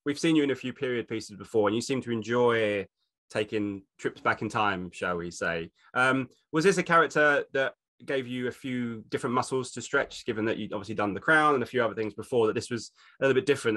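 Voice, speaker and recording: A British man with a bright, forceful voice asks film questions in a chatty, joking way. His questions wander before landing, and his pitch sits in the middle for a man. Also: fairly quick. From Britain. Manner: chatty and jokey, rambling questions. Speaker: interviewer. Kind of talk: casual press junket interview.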